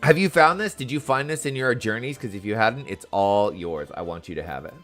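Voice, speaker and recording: A man's voice: fairly low pitch, fairly quick, fairly bright tone, soft background music. A man chatting casually while playing a video game, reading its dialogue aloud in playful voices. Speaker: game streamer. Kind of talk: casual gameplay commentary.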